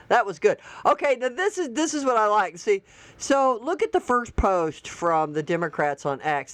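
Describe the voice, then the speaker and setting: A woman's voice: medium pitch, big pitch swings, normal speed, no echo. A woman hosting online commentary, reading social media posts aloud with incredulous, sarcastic asides. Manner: reads posts aloud and laughs.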